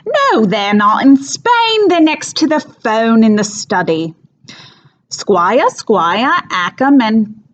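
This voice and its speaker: A woman playing a fussy, flustered comic housekeeper in a stage comedy monologue, with a thick, overdone Cockney accent and chatty, loud delivery. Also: on the high side, very animated, takes it slowly, pitched above the performer's own voice. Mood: flustered chatter.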